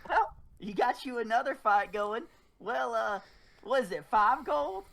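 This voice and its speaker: A man's voice: extremely high pitch, expressive, unhurried, creaky, a bit bright, exaggerated voice. A man voicing a frail, wry male adventurer in a tabletop game, with folksy drawling speech. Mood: wry teasing. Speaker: player.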